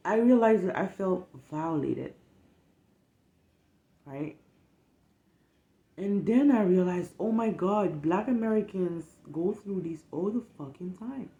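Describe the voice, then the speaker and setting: A woman telling stories in casual talk, animated and profane, acting out the people in them. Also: on the low side, takes it slowly, pauses often, roomy sound, highs cut off. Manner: animated, profane, acts out the people in her story. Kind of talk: casual storytelling.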